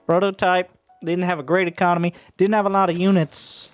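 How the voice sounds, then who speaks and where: Casting note: high-pitched male esports caster, playful and jokey, faint music underneath. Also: fairly quick. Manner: jokey, gets loud and excited at big plays. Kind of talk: game commentary.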